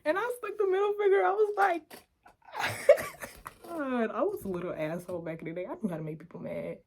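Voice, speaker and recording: A young adult woman vlogger telling a story in a casual, animated way, laughing often and acting out the quotes. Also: a little high, fast talker, gravelly, slight background noise.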